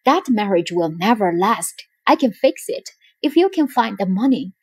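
A woman's voice: mid-range voice, very animated, normal speed, darkish tone, breathy edge, no room sound. A woman voicing a bitter, scheming old male soldier in a storybook reading, speaking slyly. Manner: sly, scowling.

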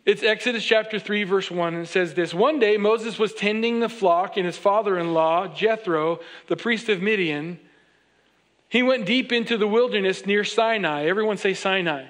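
A man preaching a sermon, reading scripture aloud and breaking into joking, animated asides where he acts out the characters. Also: high-pitched, normal speed. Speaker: pastor. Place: church sanctuary.

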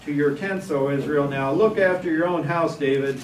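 A man teaching a Sunday school Bible class, animated and full of joking asides. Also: on the high side, moderate pace. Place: church classroom. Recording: echoey room, distant mic, faint hiss.

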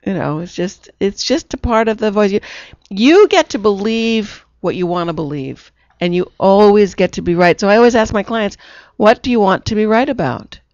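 A woman's voice: mid-range voice, expressive, normal speed, a little mellow, no echo. A woman hosting an internet radio talk show, chatting casually with a guest and telling stories in which she acts out quotes. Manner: storytelling, acts out quotes in her own voice. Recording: dull lo-fi internet radio sound.

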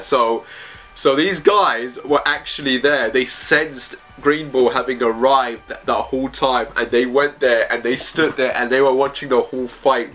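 A man's voice: medium pitch, a bit bright. A man reviewing manga chapters in casual commentary, reading panels aloud in loose, slangy phrasing.

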